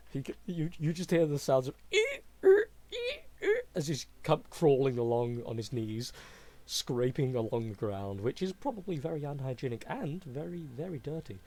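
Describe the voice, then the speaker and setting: Casual male game master, chatty narration, medium pitch. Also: lively intonation, normal speed, dark tone. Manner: casual, loose narration full of "like" and restarts.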